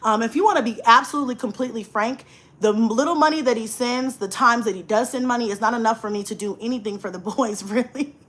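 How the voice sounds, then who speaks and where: A woman's voice: fairly high pitch, quick pace, a bit bright. A young woman vlogger telling a story in a rant, swearing freely and acting out both sides of an argument.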